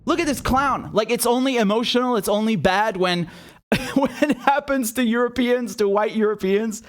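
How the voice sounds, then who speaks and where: A man's voice: very high-pitched, moderate pace. A man giving indignant video commentary as a political commentator, sarcastic and outraged, with frequent swearing.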